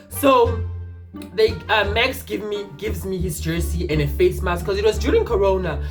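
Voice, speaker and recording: A young man from Mpumalanga telling a personal story in a rambling, animated, casual way, with swearing and restarts. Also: sits high. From Mpumalanga, South Africa.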